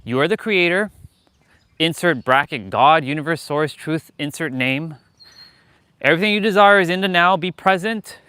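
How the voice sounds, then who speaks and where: A man with a fairly high, bright voice speaks expressively at a moderate pace, his tone forceful yet smooth, with no echo. He's live-streaming outdoors while walking with a handheld gimbal camera, talking candidly and motivationally with frequent swearing in a casual way.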